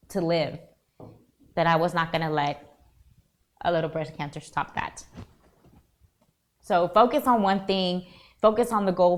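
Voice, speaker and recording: A woman hosting a talk show, sharing encouragement in an earnest, halting way. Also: lowish voice. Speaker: show host and foundation founder.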